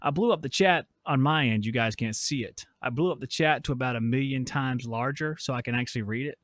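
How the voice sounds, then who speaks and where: A man's voice: mid-range voice, brisk, fairly bright tone, no room sound, clean studio sound. A man in his forties hosting a casual live stream from his workshop, joking around and reading chat messages aloud. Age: 40s. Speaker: podcast host. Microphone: switches mics midway.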